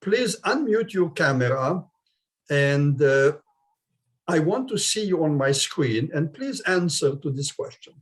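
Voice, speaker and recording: A man's voice: a little high, expressive, unhurried. A man in his seventies with a marked non-native accent, giving a live career-coaching webinar over a video call. He talks in a chatty way and repeats points for emphasis. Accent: non-native English accent. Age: 70s.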